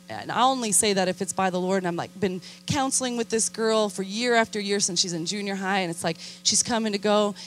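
A young adult woman, a youth minister, preaching a sermon in an animated, emphatic way and calling for responses from her listeners. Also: medium pitch, a little hiss or hum.

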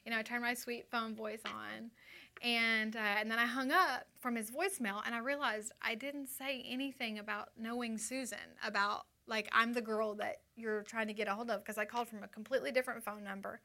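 Bright, chatty woman telling her testimony. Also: a little high, fairly even intonation, brisk. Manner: chatty, acts out quoted voices, frequent fillers. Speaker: speaker giving her testimony. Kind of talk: storytelling personal testimony.

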